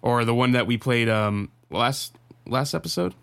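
A man's voice: medium pitch, normal speed, fairly bright tone, clear, resonant tone, no echo. A man co-hosting a casual podcast, talking earnestly, repeating himself and swearing casually. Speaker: podcast co-host.

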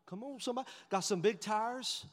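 High-voiced pastor in a reverberant hall. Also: male voice, fairly quick. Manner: animated storyteller, drops to hushed tones for inner thoughts. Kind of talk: sermon with humorous storytelling. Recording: long reverb of a large hall.

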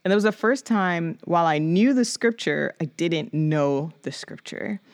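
A woman from the Bronx, in her thirties, tells a personal story as a podcast guest. Her voice sits fairly low, and she jumps up high whenever she acts out what someone said. The recording is close and dry. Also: unhurried, no room sound. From the Bronx, New York. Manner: animated, acts out quoted voices with big pitch jumps.

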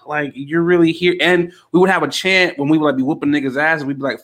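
A man's voice: on the high side, steady tone, quick pace, few pauses, a bit bright. A young man co-hosting a casual podcast chat, telling laid-back stories and swearing casually. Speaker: podcast co-host.

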